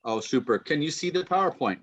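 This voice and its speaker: A man's voice: fairly high pitch, lively intonation, brisk, a bit bright. A man giving an online pronunciation lecture, chatty and checking in with his listeners. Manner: chatty, peppers talk with "okay" and checks in with listeners. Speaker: university lecturer. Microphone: computer mic on a video call.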